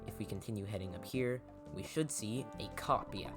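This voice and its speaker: A man's voice: lowish voice, normal speed, few pauses. A man hosting a let's-play, chatting casually with wry asides as he plays. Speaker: gaming channel host. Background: game music.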